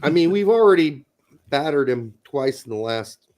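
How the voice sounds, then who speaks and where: A man chatting on a soccer podcast, with a slightly high voice that leaps around a lot. He swears freely and now and then breaks into loud mock tirades. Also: normal speed. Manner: profane, animated, swings into loud mock outbursts. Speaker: podcast co-host. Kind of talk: casual chat.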